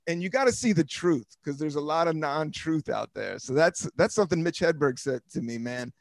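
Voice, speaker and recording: A laid-back comedian chats loosely and swears freely, telling animated stories. His voice is a bit higher than most men's. It sits dry and close on the mic with no room sound. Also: fairly quick, vocal fry, no room sound. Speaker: comedian host. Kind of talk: casual podcast chat.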